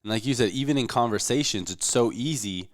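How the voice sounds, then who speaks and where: A man co-hosting a podcast in casual chat, high energy and wound up. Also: fairly quick. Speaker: podcast co-host.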